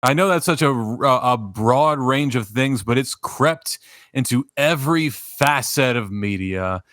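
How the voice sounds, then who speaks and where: A man's voice: medium pitch, lively intonation, measured pace, fairly bright tone, dry recording, clean studio sound. A man co-hosting a podcast over a remote call, ranting with strong opinions in casual chat. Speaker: podcast co-host.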